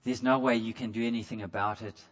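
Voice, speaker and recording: A man's voice: medium pitch, fairly even intonation, fast talker, dull audio. A man preaching a sermon in a conversational way, stumbling over repeated words and putting questions straight to the congregation. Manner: asks the congregation direct questions.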